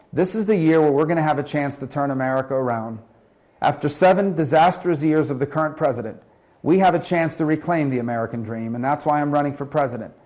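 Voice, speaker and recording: A man's voice: a little high, darkish tone. A man from Florida, a senator running for president, giving an upbeat, prepared New Year greeting.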